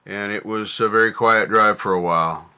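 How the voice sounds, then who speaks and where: A man streaming, talking candidly and reflectively about his life, halting with fillers and restarts. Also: on the low side, pushed and bright, clear, resonant tone. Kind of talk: candid personal talk on stream.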